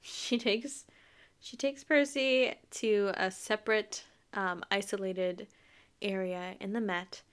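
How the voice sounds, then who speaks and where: A young woman hosting a casual book-recap podcast, excitable and gushing, with quick asides that sometimes drop to a whisper. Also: mid-range voice, clear, resonant tone. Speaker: podcast host.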